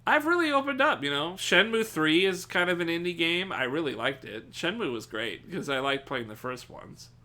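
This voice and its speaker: A male streamer talks loosely to his chat, swearing and laughing as he goes and breaking into yells when something sets him off. His tone is very bright and his pitch swings widely, sitting a little high for a man. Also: moderate pace, few pauses. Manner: profane, excitable, laughs often, yells at chat. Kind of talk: casual live-stream chat.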